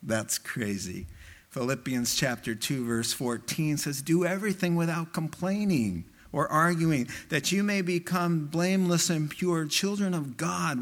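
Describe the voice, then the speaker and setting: Slow-talking preacher guy with a lilt, pitch a bit high, gets fired up on the quotes. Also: a bit bright. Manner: impassioned, rising to high emphatic quotes. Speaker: pastor. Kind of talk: sermon.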